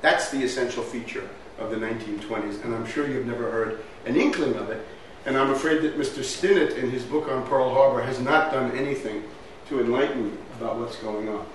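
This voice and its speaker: He speaks at medium pitch, fairly quickly, with hardly any pauses, while giving a historical lecture accompanied by slides. Emphasis, rhetorical questions and a habitual "right?" mark his delivery. The sound comes from a distance in a strongly echoing hall, over a faint hum.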